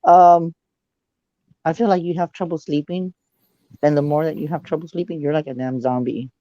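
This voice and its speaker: A man's voice, a little high and mellow, comes through a dull, muffled call line. He is a psychic giving a dramatic live reading and keeps sinking into hushed asides. The sound is close and dry. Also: steady tone, moderate pace, no echo. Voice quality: dramatic, dropping to low asides. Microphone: video call.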